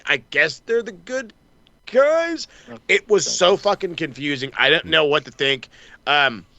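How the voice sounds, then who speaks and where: Gravelly, bright-voiced man ranting about wrestling. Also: high voice, no echo. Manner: fast, heated, swears constantly, mock quotes. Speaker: podcast co-host. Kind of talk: profane wrestling recap rant.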